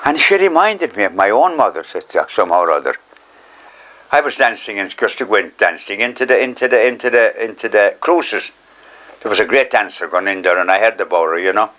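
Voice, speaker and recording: A man's voice: lively intonation, brisk, pushed and bright. An older Irish man reminiscing in a documentary interview, rambling and repeating himself as he recalls the past. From Ireland. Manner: rambling, repeats words, acts out quotes in higher voice. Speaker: interviewee telling his life story.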